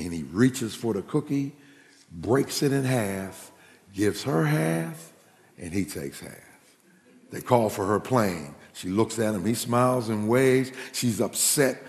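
A male preacher delivering a humorous, folksy sermon, telling stories and acting out the people in them. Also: takes it slowly. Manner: folksy, animated, jumps into high voices for quoted characters. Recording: echoey hall.

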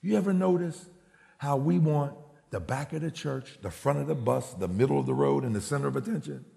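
A male pastor preaching a sermon, telling a family story and building to shouted exhortation. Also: medium pitch, a little fast, creaky, big-room sound. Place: church.

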